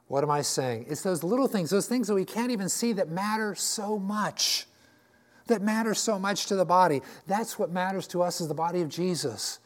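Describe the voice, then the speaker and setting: Older male pastor, folksy sermon voice, chatty asides. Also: fairly high pitch. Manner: folksy, joking, checks in with "okay?". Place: church sanctuary.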